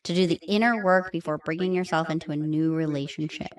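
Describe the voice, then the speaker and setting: A woman in her thirties co-hosting a podcast in casual chat, animated and blunt, laughing often. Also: deep voice, fast. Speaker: podcast co-host.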